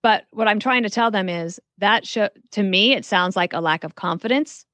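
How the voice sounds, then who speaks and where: A woman's voice: medium pitch, moderate pace, fairly bright tone, no room sound. A woman guest on a podcast interview, frankly giving career advice and telling stories from her work. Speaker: guest author.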